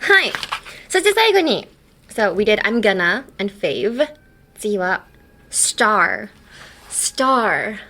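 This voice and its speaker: A woman's voice: medium pitch, a bit bright. Playful woman teaching pronunciation. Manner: playful, laughs often, explains with silly examples. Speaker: podcast host teaching English pronunciation. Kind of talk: casual teaching chat.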